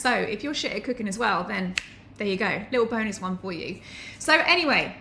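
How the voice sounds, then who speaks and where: A woman's voice: mid-range voice, lively intonation, a little fast, pushed and bright, a little hiss or hum. A woman, teaching to camera in a chatty, enthusiastic way with anecdotal asides. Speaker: online business educator.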